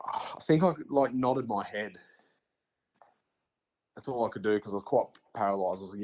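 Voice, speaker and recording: Halting Australian man in his thirties. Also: on the low side, darkish tone. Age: 30s. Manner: hesitant, halting, lots of fillers. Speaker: podcast guest. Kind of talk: casual storytelling.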